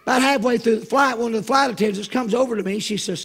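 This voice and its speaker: A man preaching at a revival, telling a story in an animated way with wry, self-mocking humor. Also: sits high, fast, vocal fry, few pauses, breathy edge. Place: church sanctuary.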